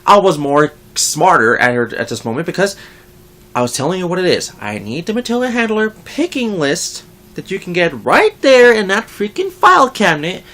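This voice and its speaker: Young adult, casual vlog rant, lively rising and falling pitch, middle pitch, heavy swearing. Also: moderate pace. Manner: animated, swears a lot, mocks others. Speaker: vlogger.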